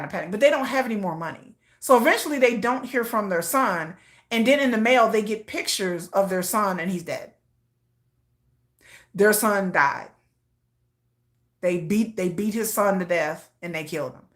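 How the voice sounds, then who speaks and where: Female vlogger, higher voice, animated casual news storytelling with acted-out quotes. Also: a little fast. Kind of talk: casual commentary.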